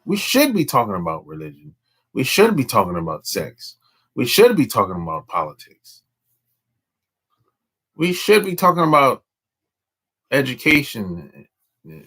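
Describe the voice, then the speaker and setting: A man's voice: mid-range voice, slightly rough. A man hosting a casual live stream, talking in slangy, drawling speech with lots of repetition. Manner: slangy, drawling, animated, repeats himself.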